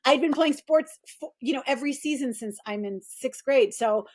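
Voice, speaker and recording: A middle-aged woman, a performance coach, telling her story in a casual interview with animated energy and quoted voices. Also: moderate pace. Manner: animated, acts out quoted voices in a high pitch.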